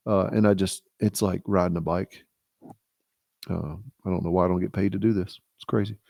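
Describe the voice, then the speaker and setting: Gravelly, teasing man roasting his friends. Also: low voice, steady tone, normal speed, mellow, dry recording, studio quality. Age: late 30s. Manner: teasing, self-mocking, mock-exasperated rants. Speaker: fantasy league commissioner. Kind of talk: casual joking league recap.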